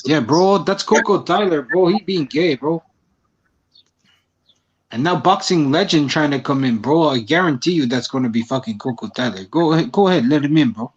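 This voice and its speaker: A man in his twenties calling into a live stream, loud and swaggering, saying "bro" at every turn. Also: on the high side, lively intonation, moderate pace, a little hiss or hum. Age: 20s. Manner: slangy, says "bro" constantly, loud and swaggering. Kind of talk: casual boisterous chat. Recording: dull lo-fi call audio.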